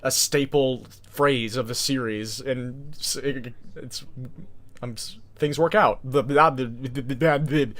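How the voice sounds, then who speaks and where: A man's voice: medium pitch, steady tone, takes it slowly, a bit bright. A man from Brazil, a native Portuguese speaker with an American-sounding accent, chatting casually on a stream, reading chat aloud and often restarting his sentences. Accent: American-sounding English. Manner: rambling, self-correcting, with frequent restarts.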